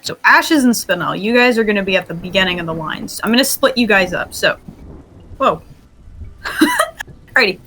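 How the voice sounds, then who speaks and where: A woman's voice: mid-range voice, lively intonation, fairly quick, pushed and bright, a little hiss or hum. A woman leading a group roleplay training, giggly and often laughing as she gives instructions, with bouts of coughing. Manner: coughing fits. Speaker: training host.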